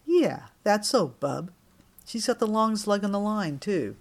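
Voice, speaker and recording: A man voicing a tall, dim-witted longshoreman who talks in blunt, gruff street talk. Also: sits high, animated, fairly quick, voice pushed up. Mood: menacing.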